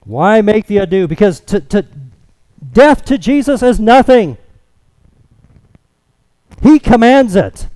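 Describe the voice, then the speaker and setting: Slow, high-voiced preaching man. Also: expressive, dark tone, no room sound. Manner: slow, emphatic expository preaching. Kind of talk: sermon.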